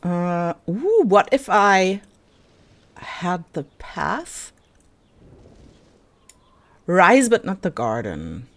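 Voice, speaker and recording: A woman's voice: fairly low pitch, huge pitch swings, very slow, pauses often. A woman giving casual commentary while playing a park-building game, thinking aloud, giggling and answering her own questions. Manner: giggly and easily delighted. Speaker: gaming YouTuber.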